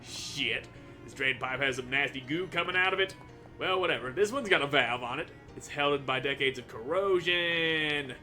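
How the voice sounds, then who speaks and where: A man's voice: on the high side, moderate pace, sharp tone, soft background music. Goofy swearing man playing a game. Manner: goofy, self-mocking, swears casually. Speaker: let's play host. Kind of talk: casual game commentary and reading dialogue aloud.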